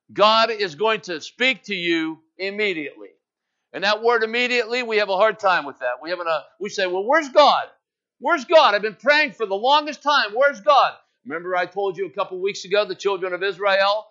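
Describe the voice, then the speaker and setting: A male pastor delivers an emphatic sermon in a high, bright, ringing voice. He preaches with firm declarations and rhetorical calls to the congregation. The recording sounds muffled and lo-fi. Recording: dull lo-fi sound.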